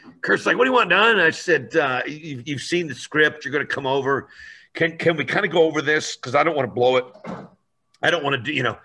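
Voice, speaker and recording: A man telling a story in a lively, animated way, acting out voices and raising his voice for effect. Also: on the high side, fairly quick, slightly rough.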